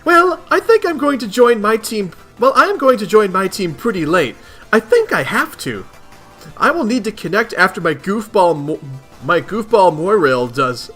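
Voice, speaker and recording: A man's voice: sits high, sing-song, normal speed, a bit bright, soft background music, voice pushed up, exaggerated voice. Man doing a bubbly, glubbing sea girl. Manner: gushing, says "glub" over and over. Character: bubbly excitable young female sea alien. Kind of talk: reading a webcomic aloud.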